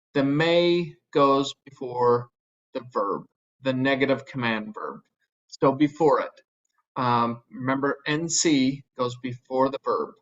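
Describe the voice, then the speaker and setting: A man's voice: medium pitch, a bit bright, dull audio. A man teaching a grammar lesson, explaining patiently step by step with frequent fillers. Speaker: Spanish teacher. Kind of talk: recorded grammar lecture.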